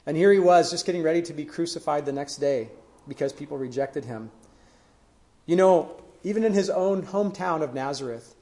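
A man's voice: high-pitched, a little mellow. A man preaching a sermon in an earnest way, building emphasis through questions. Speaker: pastor.

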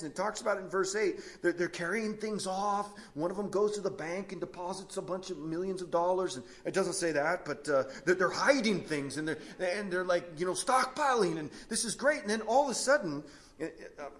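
A man with a high-pitched voice preaches a sermon, retelling a Bible story with lively, animated storytelling. He frequently breaks off mid-sentence and restarts, swinging between hushed moments and emphatic, rising passages.

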